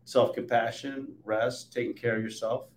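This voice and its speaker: A man in his forties hosting a podcast, telling stories with animated swings between loud and soft. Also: mid-range voice, moderate pace, a little hiss or hum. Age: 40s. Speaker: podcast host. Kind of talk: conversational interview. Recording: roomy echo.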